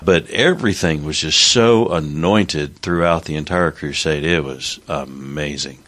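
Low-voiced man affirming revival stories. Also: unhurried, a bit bright. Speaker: ministry broadcast co-host. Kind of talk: conversational broadcast testimony sharing.

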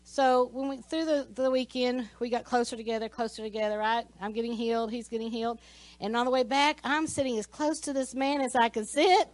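A woman's voice: high voice, normal speed, dry recording, poor audio. A woman teaching a Sunday school class, telling a personal story in a conversational way with many asides. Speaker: church teacher.

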